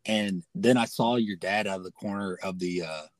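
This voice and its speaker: A man co-hosting a casual sports podcast, retelling events with animated excitement. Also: low voice, moderate pace, no echo. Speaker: podcast co-host.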